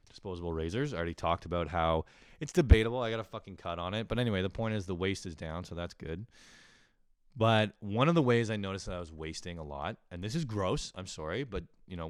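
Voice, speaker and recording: Intense, cussing man with a low voice. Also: smooth, no room sound, clean studio sound. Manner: intense, swearing, acts out voices. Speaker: comedian doing a solo rant. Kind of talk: casual profane comic monologue. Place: home room, early morning.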